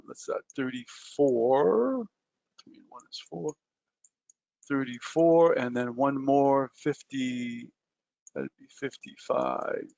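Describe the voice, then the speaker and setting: A man's voice: medium pitch, creaky, no room sound. Guy running a trading webinar, rambly w lots of ums, cracks little jokes at himself, dull lo-fi sound, dry. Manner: loose and chatty, many ums and uhs, self-mocking jokes. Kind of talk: explaining at a whiteboard in a webinar.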